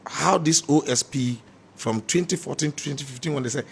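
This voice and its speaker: A man's voice: on the high side, brisk, vocal fry, breathy edge. A man giving political commentary in a blunt, scolding way.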